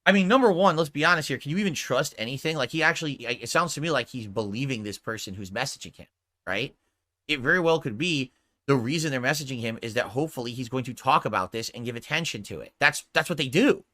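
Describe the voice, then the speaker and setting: A man's voice: mid-range voice, expressive, quick pace, pushed and bright, dry recording. A man giving reaction commentary on a video, incredulous and exclaiming with rhetorical questions.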